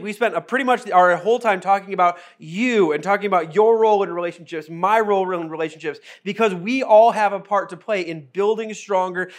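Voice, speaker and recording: A man with a notably high voice preaches a casual sermon. He talks to the congregation like he is chatting with friends, slips into humorous storytelling, and repeats key phrases for emphasis. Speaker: pastor.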